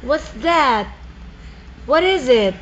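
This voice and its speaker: A woman's voice: high voice, expressive, slow pace, a bit bright. A woman talking to a baby on a home video, coaxing with repeated questions. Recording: lo-fi home video with background noise.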